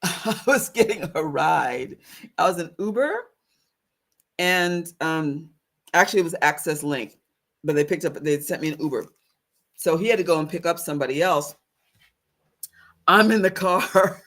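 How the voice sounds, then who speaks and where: A woman's voice: sits low, normal speed, long pauses, a bit bright. A woman spiritual teacher telling a story casually to her online audience, laughing often and stressing points with "okay?" asides.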